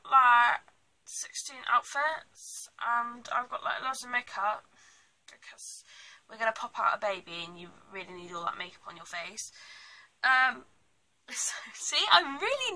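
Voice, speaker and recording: Young British woman, casual vlogger, blunt and ranty, very bright tone. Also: on the high side, low-quality recording. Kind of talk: casual pregnancy vlog chat.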